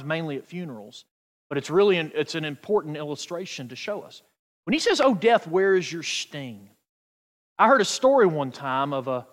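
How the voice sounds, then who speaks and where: A male pastor delivers his sermon in a high, wildly lively voice. He swings from near-shouted declarations to hushed, quiet asides. The sound rings with the long reverb of a big hall.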